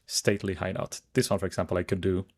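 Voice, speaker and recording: A man's voice: sits low, level tone, quick pace, darkish tone. A man chatting casually to his viewers while streaming a game, rambling as he browses and reads chat.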